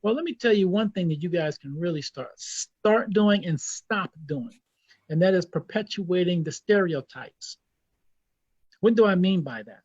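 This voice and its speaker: A man's voice: high voice, lively intonation, unhurried, darkish tone, husky, muffled recording. A man with an American accent, a guest Islamic scholar speaking in an impassioned, blunt way and repeating himself for emphasis. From United States. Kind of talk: impassioned interview talk.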